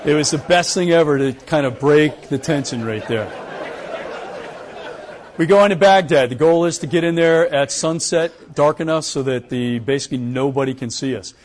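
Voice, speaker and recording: An older American man, a retired pilot, giving a lecture and telling stories from his career, acting out the dialogue with lively chuckles. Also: on the high side, normal speed, some chatter behind, slight background noise. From United States. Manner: animated storyteller who acts out quoted dialogue, chuckling. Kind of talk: anecdotal lecture storytelling.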